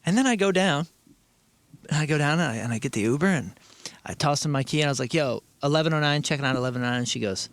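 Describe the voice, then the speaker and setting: A man's voice: a little high, expressive, quick pace, fairly bright tone, no echo. A man co-hosting a talk show, telling a long story in casual banter, stammering and acting out quotes. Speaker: radio show co-host.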